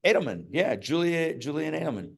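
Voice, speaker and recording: With a fairly high voice, big pitch swings, vocal fry and a fairly quick pace, a rabbi teaches a live Torah class. He keeps it casual and chatty, tossing in joking asides and stories amid frequent fillers and restarts.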